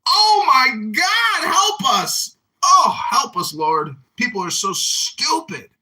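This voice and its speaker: A man's voice: very high voice, very animated, slow, sharp tone. A man hosting an online audio room in his own voice, sarcastic and rambling, mocking the people in the room. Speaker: host. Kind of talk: casual chat in a social audio room.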